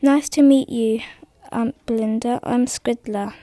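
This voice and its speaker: A cheerful one-eyed alien from a storybook chatters away with babbling nonsense sounds, voiced by a woman reading aloud. The voice sits fairly high, with a soft, mellow tone. The sound is close and dry. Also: fairly even intonation, measured pace, no echo, natural voice. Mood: friendly. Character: friendly one-eyed blue alien from Saturn.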